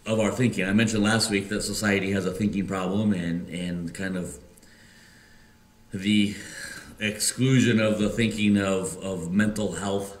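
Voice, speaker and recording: A Midwestern American man preaching a sermon as pastor, halting often with fillers and restarts. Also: sits low, steady tone. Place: church sanctuary. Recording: echoey church room.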